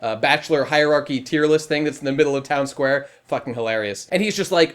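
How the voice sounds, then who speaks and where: A man's voice: a little high, fast talker, few pauses. A man giving a casual, opinionated review, in a wry rant full of swearing and filler words. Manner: profane, wry, animated rant with frequent filler "like". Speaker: online video reviewer.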